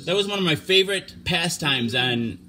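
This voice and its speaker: A man hosting a livestream show, talking off the cuff in a halting, stammering way, earnest and defensive. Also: a little high, lively intonation, a crowd in the background. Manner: halting, stammering, restarts sentences. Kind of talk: unscripted livestream talk.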